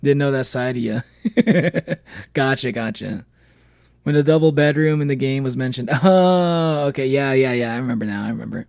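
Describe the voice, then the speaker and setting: A man's voice: medium pitch, moderate pace, creaky, a little mellow, no room sound, clean studio sound. Playful man chatting on a game stream. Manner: playful, laughs often, chats with chat. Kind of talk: casual let's-play chat with viewers.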